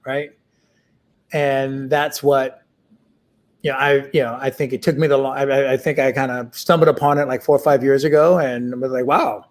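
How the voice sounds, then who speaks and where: Halting middle-aged man in conversation. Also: mid-range voice. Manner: halting, full of fillers and restarts. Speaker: interview guest. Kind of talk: casual interview conversation.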